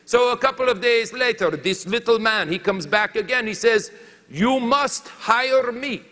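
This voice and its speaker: A man playing a boastful French lumberjack who tells a comic tale in halting, broken English with a put-on French accent, in a reverberant hall. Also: extremely high pitch, sharp tone, full character voice. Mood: storytelling.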